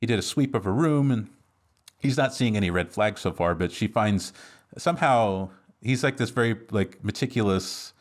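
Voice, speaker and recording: A man co-hosting a podcast, casually retelling a film's plot with lots of fillers and quick acted-out lines. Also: fairly low pitch. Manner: rambling recap with many fillers and laughs. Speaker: podcast co-host. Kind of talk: casual movie recap chat.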